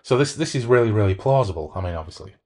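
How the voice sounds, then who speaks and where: A man's voice: lowish voice, animated, racing, a little mellow. A middle-aged man hosting a podcast, reading a novel aloud and then chatting in a rambling, self-deprecating way. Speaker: podcast host. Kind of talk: book reading and casual chat.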